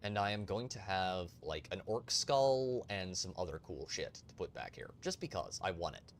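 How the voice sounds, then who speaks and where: A man's voice: low-pitched, expressive, normal speed, slight background noise. A man streaming a role-playing game, reading game logs aloud and commenting casually, with the odd swear word. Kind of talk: casual let's-play commentary.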